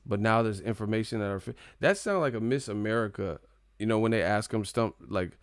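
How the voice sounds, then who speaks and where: A man's voice: lowish voice, a little fast, dry recording, studio quality. Profane joking man on a live stream. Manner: profane, joking, mocking rants. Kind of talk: casual live-stream commentary.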